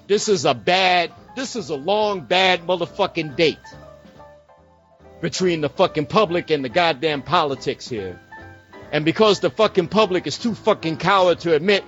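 A man from the US, his voice a little high and a bit bright with lively intonation at normal speed, passionately rants about politics, swearing all the while and raising his voice as he argues. The sound is lo-fi, with faint music behind.

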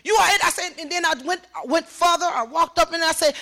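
An older woman with a very high voice gives emotional personal testimony as a mother. She speaks briskly and emphatically, repeats herself, and her voice climbs into shouts.

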